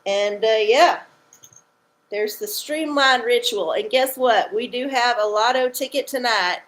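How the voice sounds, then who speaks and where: A woman's voice: fairly high pitch, unhurried, fairly bright tone, poor audio. A woman hosting a casual livestream from home, chatty and playful, reading oracles for her viewers. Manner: chatty, playful, uses y'all.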